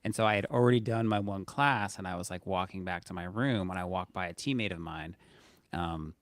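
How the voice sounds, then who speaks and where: A man hosts a casual podcast interview in a fairly low voice. He talks haltingly, repeating words and letting his sentences trail off softly. His voice sits close and dry on the mic. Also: dry recording. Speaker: podcast host.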